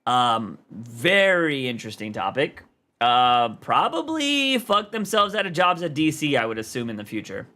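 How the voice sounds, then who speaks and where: A young man rambling in loose, slangy, animated talk as he chats on his livestream about comics. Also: mid-range voice, moderate pace. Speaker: streamer and comic podcast host. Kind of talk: casual livestream chat.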